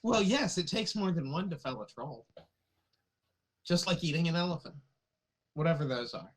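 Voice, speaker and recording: A man's voice: on the high side, very animated, moderate pace. Wry male player, faint hiss. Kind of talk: casual in-character play.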